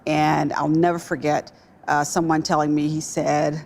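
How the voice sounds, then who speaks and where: A woman executive telling a personal story in a talk-show interview, emphatic and animated. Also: sits low, normal speed, vocal fry, a little hiss or hum. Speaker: guest, business executive.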